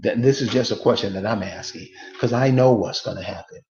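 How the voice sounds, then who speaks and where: A man's voice: lowish voice, a little fast, darkish tone, roomy sound, highs cut off, a little hiss or hum. A man delivering a casual, emphatic monologue to his viewers, repeating rhetorical questions over and over. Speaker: online commentator.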